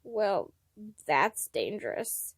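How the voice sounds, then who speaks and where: A woman's voice: mid-range voice, sing-song, extremely slow, gravelly, slightly rough, no echo, studio quality, pitched below the performer's own voice, full character voice. A woman voicing an anxious, sarcastic young man who yelps and gets flustered. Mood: teasing. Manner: yelping, breaking into laughter.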